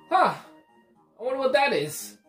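A woman gamer giving casual, excitable commentary while playing, swearing and talking to her viewers. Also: high voice. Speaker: let's play gamer. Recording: roomy echo, faint game music. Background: faint game music.

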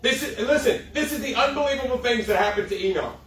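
High-voiced preacher in an echoey hall. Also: male voice, expressive, fairly bright tone, recorded from a distance, a little hiss or hum. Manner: folksy, joking, preaching with dramatic slow emphasis. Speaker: youth pastor. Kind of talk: sermon. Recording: echoey room, speaker away from mic.

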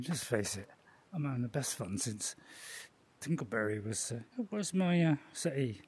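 A man's voice: mid-range voice, background noise. A man giving playful, joking commentary while playing a VR game and chatting to its characters. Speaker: gaming channel host. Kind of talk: casual VR gameplay commentary.

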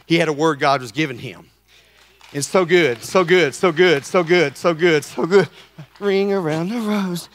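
A male pastor with a high, bright, forceful voice delivers a lively sermon. He is playful and keeps calling out to the congregation to answer him. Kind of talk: lively sermon with a live demonstration.

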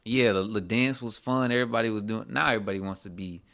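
A man's voice: fairly low pitch, quick pace, gravelly, fairly bright tone. A man co-hosting a podcast in casual, rambling chat, laughing often as he talks. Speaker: podcast co-host.

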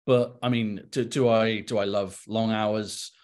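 A man's voice: fairly low pitch, level tone, measured pace, a little mellow. A man, a special effects guest, telling work stories in a rambling casual chat with many restarts. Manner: rambling, many restarts, acts out quoted voices.

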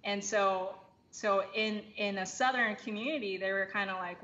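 Bright-voiced woman chatting thoughtfully. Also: medium pitch, moderate pace. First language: English. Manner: thoughtful, many fillers and restarts. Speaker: podcast guest. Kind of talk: casual chat. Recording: slightly dull lo-fi audio with faint noise.

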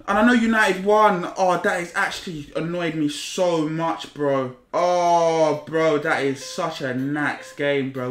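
A young man commentating live on his own football game, repeating himself and shouting in frustration at his players. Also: fairly high pitch, echoey room. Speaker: gaming YouTuber.

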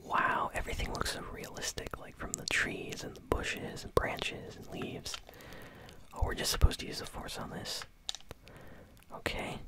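An ASMR gaming host whispering casual, easily amused gameplay commentary while chewing bubblegum. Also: unhurried.

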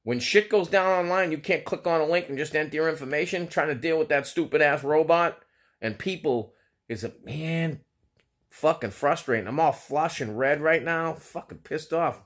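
A man's voice: on the high side, normal speed, fairly bright tone. A man with a Boston accent telling a storytime rant on video, exasperated, sarcastic and swearing constantly. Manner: exasperated, heavily profane, sarcastic. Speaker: vlogger. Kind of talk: ranting storytime monologue.

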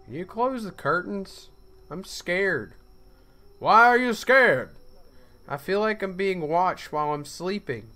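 A man's voice: sits high, animated, takes it slowly, pushed and bright, heavily acted. A man doing a scared little boy. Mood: pleading. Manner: timid, pleading requests.

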